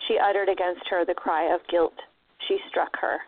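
A woman's voice: on the low side, fairly even intonation, normal speed, no room sound. A woman casually retelling an old myth, slipping into playful voices for the characters. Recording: tinny phone-line audio.

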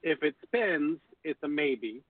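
A man's voice: fairly high pitch, animated, takes it slowly, no echo. A man who teaches pendulum use, explaining thoughtfully in casual conversation. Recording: phone-like dry audio.

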